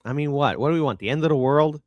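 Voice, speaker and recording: A man hosting a political commentary show, ranting in a mocking, crude and sarcastic way with shouted jabs. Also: on the high side, fast, no room sound, clean studio sound. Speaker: show host.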